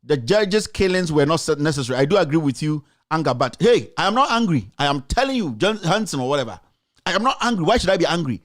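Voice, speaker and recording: Passionate Ghanaian man, high-pitched rant. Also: very animated, fast talker. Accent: Ghanaian English. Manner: passionate, repetitive, rhetorical, addressing critics directly. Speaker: talk show host. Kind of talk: impassioned political commentary.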